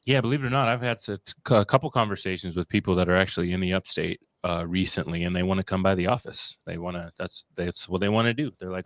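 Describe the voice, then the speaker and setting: A man's voice: deep voice, quick pace, hardly any pauses, no room sound. A man co-hosting a casual chat, dropping brief, dry interjections. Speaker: co-host.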